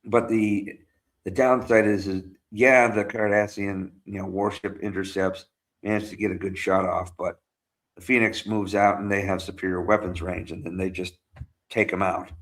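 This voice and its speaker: A man's voice: low voice, level tone, normal speed. A man co-hosting a podcast, recapping scenes casually with lots of fillers and quoted voices. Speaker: podcast co-host. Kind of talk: casual chat.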